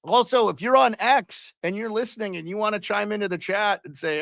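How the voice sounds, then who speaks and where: A man's voice: sits high, fairly quick, gravelly, few pauses, fairly bright tone, dry recording, clean studio sound. A man hosting a casual live hockey stream, chatting loosely and calling out viewers and their locations. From Canada.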